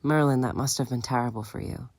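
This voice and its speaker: A man voicing a gentle, worried middle-aged mother in an audiobook, speaking softly and soothingly. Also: mid-range voice, steady tone, fast talker, creaky, no echo, studio quality. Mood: tender.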